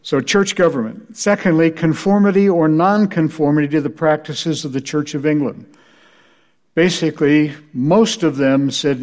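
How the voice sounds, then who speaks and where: A man's voice: on the high side, moderate pace, darkish tone. A male preacher giving a church history lecture, telling anecdotes with dry humor. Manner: dry, wry storytelling.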